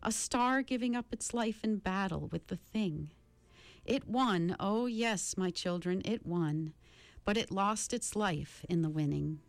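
A woman voicing an ancient, kindly female star being who speaks softly and sadly, in a storybook reading. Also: medium pitch, very animated, a little slow, few pauses, dry recording, pitched above the performer's own voice.

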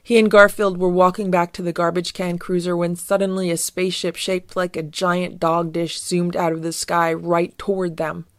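A woman reading a children's storybook aloud in an even, gentle way. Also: on the low side, normal speed, hardly any pauses, no echo, clean studio sound. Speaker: narrator.

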